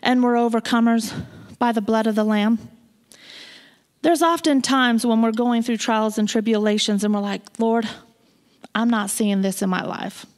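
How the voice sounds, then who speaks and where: A woman preaching a sermon in a church, moving between loud proclamation and hushed asides. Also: a little high, fairly even intonation, moderate pace. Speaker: guest preacher. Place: church sanctuary.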